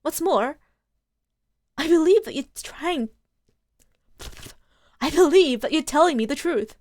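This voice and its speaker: A woman voicing an earnest young male law student who speaks gently and sincerely. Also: high voice, animated, unhurried, no echo, pitched above the performer's own voice. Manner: earnest, gentle, softly spoken.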